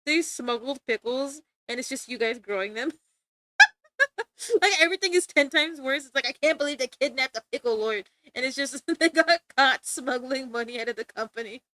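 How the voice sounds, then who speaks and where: A woman's voice: high voice, moderate pace, sharp tone, dry recording. A young woman streamer chatting casually while drawing, rambling and giggling, with casual swearing.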